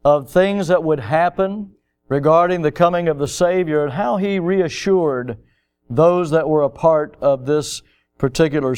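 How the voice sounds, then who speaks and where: Middle-aged guy preaching a sermon, smooth clear voice, bit higher than most men, gets fired up and loud at the big points. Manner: impassioned preaching, rising to emphatic peaks. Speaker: pastor.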